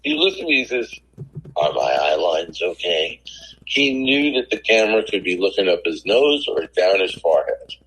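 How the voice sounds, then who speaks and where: A middle-aged man, a TV producer, telling lively anecdotes as a guest on a podcast. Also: on the low side, fairly quick, hardly any pauses, slightly rough, low-quality recording. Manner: animated anecdotes with acted quotes. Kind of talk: casual storytelling in a podcast interview.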